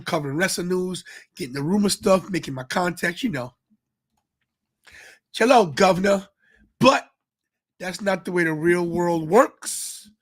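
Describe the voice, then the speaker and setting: Tired, rambling man hosting a stream. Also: sits high. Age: adult with kids. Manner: rambling, chatty, greets chat viewers. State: tired, yawning. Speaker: podcast host. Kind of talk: casual live-stream chat.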